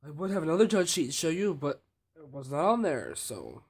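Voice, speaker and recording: A teenage male student talking casually to camera, rambling with restarts and fillers and often trailing off quietly. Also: a little high, sing-song, brisk. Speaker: student speech competitor. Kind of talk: casual vlog talk.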